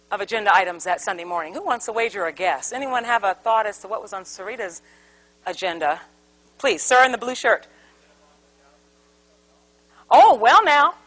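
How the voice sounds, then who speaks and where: Woman seminar speaker, high and very expressive, animated storyteller who works the room with questions. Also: moderate pace, pauses often, low-quality recording. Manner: animated storyteller, acts out quotes, asks audience questions. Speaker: conflict resolution speaker. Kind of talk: interactive seminar talk. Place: seminar room with live audience.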